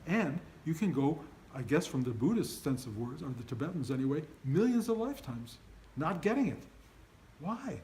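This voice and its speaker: A man's voice: on the high side, big pitch swings, normal speed, darkish tone, slight background noise, low-quality recording. An older man giving an informal spiritual talk to his students, earnest and emphatic, often acting out their inner voices. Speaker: spiritual teacher.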